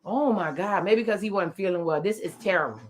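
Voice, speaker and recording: A woman's voice: mid-range voice, a little fast, faint music behind. A woman from South Florida giving blunt, sassy live commentary on a TV show as a reaction video host. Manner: blunt, sassy, talks back to the screen.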